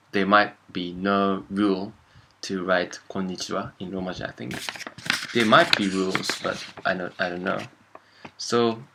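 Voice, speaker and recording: A man's voice: deep voice, vocal fry, sharp tone, slight background noise, low-quality recording. A man with a Japanese accent teaching a casual language lesson, thinking aloud and often stopping to correct himself.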